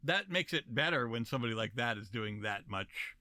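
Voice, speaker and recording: Animated rambling man, bright voice. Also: mid-range voice, brisk, no room sound. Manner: rambling, animated, many fillers. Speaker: podcast co-host. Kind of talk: casual movie chat.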